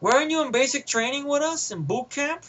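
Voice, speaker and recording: A man's voice: very high-pitched, lively intonation, a little fast, a bit bright, voice pushed up. A man playing a taunting tough female soldier.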